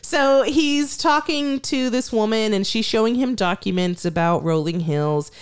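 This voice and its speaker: A young woman co-hosting a podcast in casual chat, animated, swearing and laughing often. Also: a little high, unhurried, clean tone. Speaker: podcast co-host.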